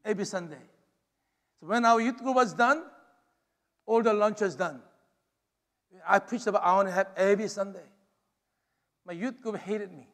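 A pastor preaches with a strikingly high-pitched voice, stressing and repeating his phrases, often filling pauses with "you know". His voice rings through a large hall with a long reverb tail. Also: a bit bright. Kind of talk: sermon. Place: church sanctuary.

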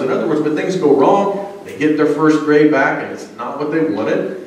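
Brief: male pastor, chatty storytelling sermon with lots of uh's, mid-pitched, distant mic in a very echoey sanctuary. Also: expressive, moderate pace. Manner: conversational, storytelling, frequent uh fillers. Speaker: pastor and college psychology teacher. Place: church sanctuary.

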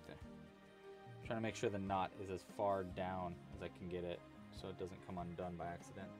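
A man hosting a casual crochet livestream, talking quietly to himself as he works and chatting with viewers, with faint music behind. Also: deep voice, a little fast. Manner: relaxed, murmurs to himself while working, chatty with viewers.

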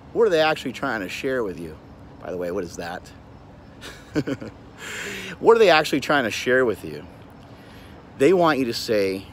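A man's voice: medium pitch, a little hiss or hum. A man giving a blunt, preachy, profane motivational talk as the host of his own show, recorded on a phone outdoors. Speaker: gym owner and show host. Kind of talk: motivational monologue.

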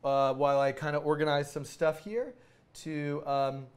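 A man with a voice pitched a bit above most, teaching casually on a live stream. He talks in an enthusiastic, rambling way, full of ums and self-corrections, now and then drifting away from the mic. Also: little pitch movement, moderate pace, slight background noise.

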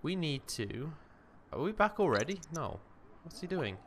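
A man's voice: on the high side, big pitch swings, moderate pace, fairly bright tone, a little hiss or hum. A young man casually commenting on his life-simulation game, chatting to his character as he plays. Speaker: gaming commentator. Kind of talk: casual let's-play commentary. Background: game music.

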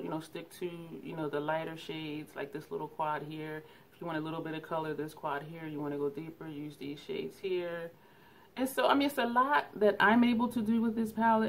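A woman reviewing her eyeshadow palettes in a chatty, casual way, laughing often and correcting herself. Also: fairly low pitch. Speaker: beauty vlogger.

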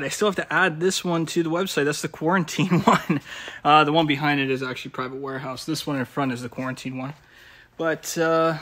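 A man's voice: a little high, steady tone, brisk, fairly bright tone. A man from Canada running a shop, talking casually through a warehouse vlog, rambling with many fillers and little chuckles. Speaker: shop owner and vlogger. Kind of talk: casual behind-the-scenes vlog. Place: indoor warehouse.

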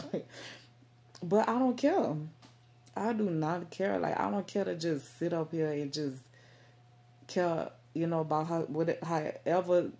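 Woman vlogger, low and gravelly, rambling casual faith talk. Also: dark tone. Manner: rambling, repetitive fillers.

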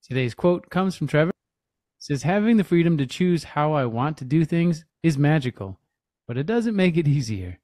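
A man's voice: a little high, sing-song, moderate pace, dark tone, no room sound, clean studio sound. A man co-hosting a podcast, chatting easily and reading a show introduction, with frequent laughs. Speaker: podcast co-host. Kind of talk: podcast chat and scripted intro.

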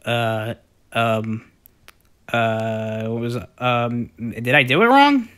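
A young man casually commenting on his gameplay, wandering from thought to thought with plenty of fillers. His voice sits at an ordinary middle pitch, and he jumps into excited outbursts when something in the game surprises him. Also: extremely slow, clean tone. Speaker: gaming YouTuber.

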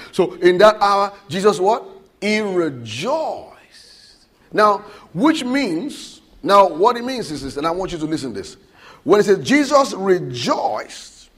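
Slow husky guy preaching, high voice swinging all over, keeps quizzing the crowd. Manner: animated, questioning the congregation. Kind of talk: sermon.

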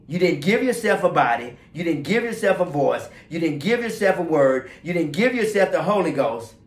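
High-voiced preacher man in an echoey church. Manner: fervent preaching that swings from hushed to loud. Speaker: pastor. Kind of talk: sermon. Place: church sanctuary.

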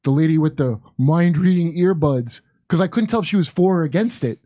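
A man's voice: fairly high pitch, lively intonation, fairly quick, dark tone, no echo. A man in casual comedic talk, sarcastic and rambling.

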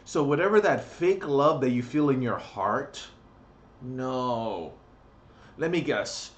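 A man rants straight at his viewers in a blunt, mocking monologue. His talk is crude and heavy with profanity. His voice sits at a middle pitch. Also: animated, slow. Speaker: vlogger. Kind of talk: ranting vlog monologue.

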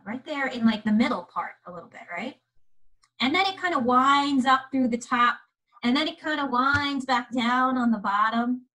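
A woman museum educator retelling a fairy tale to children, in an animated, chatty way, often asking her listeners questions. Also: on the high side, rough recording. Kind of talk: storytelling lesson for children.

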